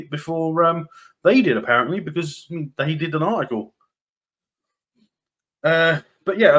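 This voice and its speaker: A man's voice: medium pitch, fairly bright tone. Rambling, dismissive man with fillers. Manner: rambling, with frequent fillers, restarts and dry laughs; dismissive, repeats points for emphasis. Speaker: commentary channel host. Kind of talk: casual opinion commentary, reading news excerpts.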